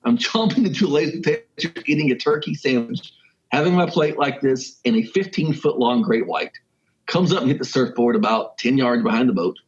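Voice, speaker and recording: Animated man telling a story. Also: a little fast, highs cut off. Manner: animated, with sudden jumps in pitch and pace. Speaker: podcast guest, wildlife photographer and journalist. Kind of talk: casual storytelling.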